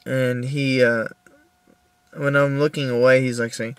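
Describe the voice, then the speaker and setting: A young man recording a personal video diary in his car, upset and halting, with many restarts as he tells what happened. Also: medium pitch, level tone, clean tone, dry recording. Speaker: video diarist.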